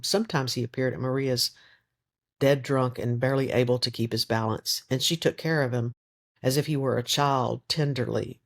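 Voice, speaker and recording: A man reading a novel aloud in steady, measured audiobook narration. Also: mid-range voice. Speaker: reader.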